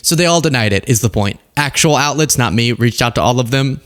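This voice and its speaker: A man's voice: animated, fairly quick, a bit bright. A young man hosting a casual political commentary show, giggling and mocking the clips he plays. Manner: giggly, mocking, often jumps into high-pitched impressions.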